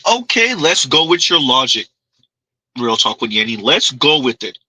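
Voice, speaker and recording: A man's voice: mid-range voice, sing-song, moderate pace, bright, forceful tone, breathy edge, no echo, rough recording. A man hosting a livestream, giving mocking reaction commentary with sarcastic repetition and frequent laughter. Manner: sarcastic, laughs often, repeats lines in ridicule.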